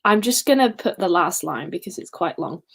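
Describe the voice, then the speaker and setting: A woman's voice: on the low side, animated, moderate pace, vocal fry, slightly rough. A woman hosting a casual live-stream quiz, chatty and giggly, sometimes singing short snippets. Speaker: quiz host.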